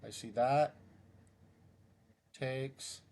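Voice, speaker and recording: A middle-aged man talks to himself as he works through puzzles, in a slow, unhurried voice at an ordinary pitch. He mutters his moves one by one and mocks his own blunders with a wry, self-deprecating humor. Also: fairly even intonation, mellow, slight background noise. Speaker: chess YouTuber solving puzzles. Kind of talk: casual thinking-aloud commentary.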